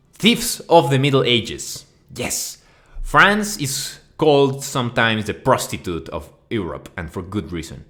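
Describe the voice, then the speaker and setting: Low-voiced man ranting over slides. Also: bright, forceful tone. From Mexico. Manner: profane, mock-outraged, rambling. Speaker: video essayist. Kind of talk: comedic rant over slides.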